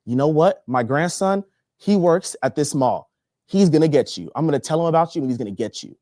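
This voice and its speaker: A bossy older grandmother who keeps pressing and accusing without letting up, as a male comedian puts her on. The voice sits somewhat higher than his own and stays close and dry, with no room sound. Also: lively intonation, fairly quick, warm tone, no echo, natural voice. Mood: threatening. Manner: accusing, insistent.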